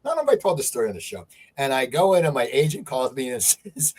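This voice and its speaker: A man hosting a podcast, asking questions in an excitable, animated way. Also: mid-range voice, quick pace, husky. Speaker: podcast host. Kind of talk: casual interview chat.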